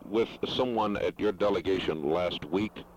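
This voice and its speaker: A man with a very low voice speaks on a phone call in a careful, formal way. He picks each phrase slowly and hesitates now and then, with faint noise in the background. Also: a little mellow. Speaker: caller. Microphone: telephone.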